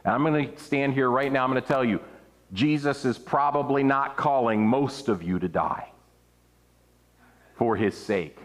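A man delivers an earnest sermon, his voice sitting at an ordinary middle pitch. He climbs higher to stress a point, then sinks low and quiet as he reads scripture and presses the question home. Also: measured pace. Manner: earnest preaching, rising and falling for emphasis. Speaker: preacher.

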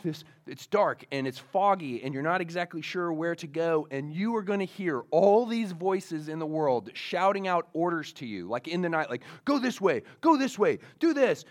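A male pastor preaching a sermon in a casual storytelling way, with many fillers, speaking to young listeners. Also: a little high.

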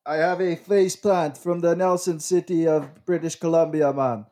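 Man doing an excitable guest, fake accent, halting repeats, fairly high voice. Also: close to an everyday voice. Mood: excited.

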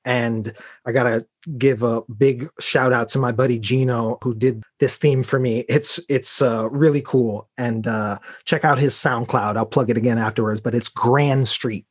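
A man from Chicago co-hosting a podcast, easygoing and quick to laugh as he introduces segments. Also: medium pitch, steady tone, husky. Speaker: podcast co-host, bartender. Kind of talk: casual chat and segment intro.

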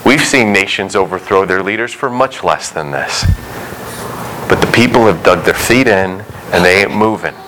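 Young guy pastor, fairly low voice, chatty sermon, acts out little quotes, faint room hum behind. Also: normal speed, fairly bright tone, poor audio. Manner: conversational preaching with acted-out quotes.

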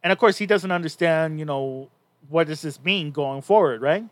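A man's voice: fairly high pitch, moderate pace, no room sound. A man co-hosting a podcast, casually recapping a story in a rambling way with many restarts. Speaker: podcast co-host.

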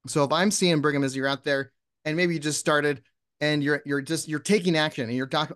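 A man talking as a guest in a casual interview, lively and often acting out example posts. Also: a little high, a little fast. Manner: animated, acts out sample posts in voices. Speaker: podcast guest.

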